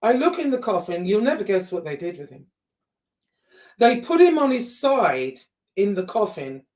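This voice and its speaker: A woman casually telling a story to her viewers, animated and exasperated, acting out what people said and swearing now and then. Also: mid-range voice, normal speed, recorded from a distance. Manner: animated, exasperated retelling with quoted dialogue and swearing. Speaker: vlogger.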